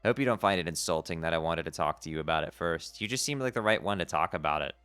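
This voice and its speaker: A man voicing a blind, brash teenage troll girl, talking loud and eager while reading a webcomic aloud on stream. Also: deep voice, animated, quick pace, smooth, no echo, soft background music. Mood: concerned.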